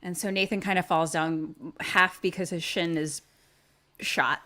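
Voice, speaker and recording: A woman's voice: lowish voice, measured pace. A woman podcast host casually retelling a horror film for a live audience, swearing freely and acting out scenes. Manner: animated, profane, acts out the scenes.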